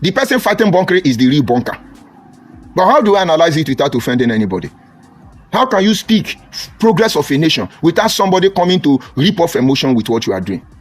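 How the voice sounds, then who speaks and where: Speaking fast in a slightly high, sing-song voice, a Nigerian-accented man delivers a live-streamed political rant. He mocks and attacks his targets, calls out viewers by name in greeting, and builds to loud outbursts.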